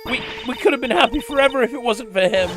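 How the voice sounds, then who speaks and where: A man voicing a female prison warden who rants and curses in a shrill voice. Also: quick pace, music in the background. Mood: hysterical rage. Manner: shrill, ranting, bitter. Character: unhinged woman prison warden, shrieking curses.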